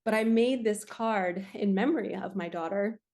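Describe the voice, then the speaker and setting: A woman's voice: mid-range voice, normal speed, darkish tone. Earnest woman giving a spiritual reading. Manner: earnest, emotional, spiritual-coaching talk. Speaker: spiritual card reader. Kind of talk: casual tarot-style energy reading.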